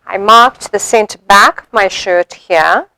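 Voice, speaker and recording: A woman demonstrating sewing steps in a chatty way, thinking aloud as she works and filling pauses with ums. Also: medium pitch, pushed and bright, smooth, no room sound, low-quality recording. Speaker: sewing instructor.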